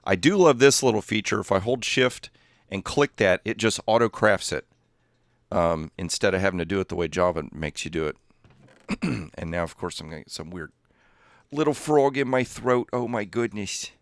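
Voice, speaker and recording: A man's voice: sits low, moderate pace, dry recording, clean studio sound. A man chatting casually while livestreaming a game, rambling and easily distracted, often laughing at his own jokes. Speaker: gaming livestreamer.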